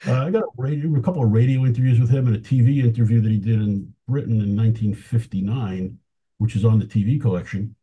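A man's voice: mid-range voice, fast, slightly rough, phone-quality sound. A man talking casually as an interview guest, telling anecdotes with enthusiasm and chuckling now and then. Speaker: film historian guest.

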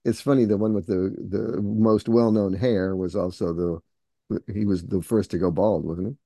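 A man's voice: fairly low pitch, steady tone, normal speed, mellow, no room sound. A man interviewing a guest, asking curious questions and laughing often. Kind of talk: casual interview chat.

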